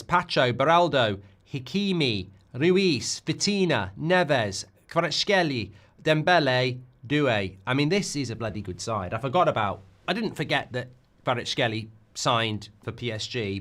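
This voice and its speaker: Hosting a live football watchalong, this middle-aged man has a mid-range voice. His talk is rambling and excitable, with frequent repetitions and restarts.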